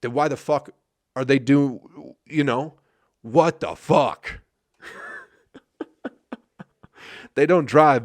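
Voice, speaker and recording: A man's voice: mid-range voice, dry recording, studio quality. Profane ranting male podcast host. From Flint, Michigan. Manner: swears constantly, asks "you know what I mean, people?".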